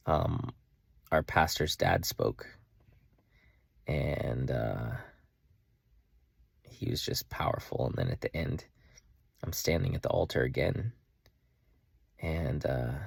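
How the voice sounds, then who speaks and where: An earnest young man talks through an emotional personal story in a casual vlog, and he keeps circling back and restarting his sentences. His voice sits very low, with a gravelly, husky edge. The sound is dry and close. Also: no room sound. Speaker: vlogger.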